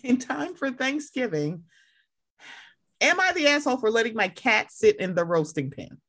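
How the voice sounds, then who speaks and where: A young woman co-hosting a casual chat, animated and swearing, acting out other people in loud high voices. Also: normal speed. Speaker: podcast co-host.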